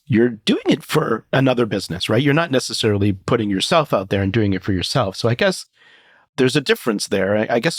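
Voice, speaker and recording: A man's voice: on the low side, dry recording, studio quality. A man hosting a podcast, asking long, thoughtful questions that circle before he lands on them. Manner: thoughtful, rambling questions with restarts. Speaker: podcast host. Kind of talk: interview questions.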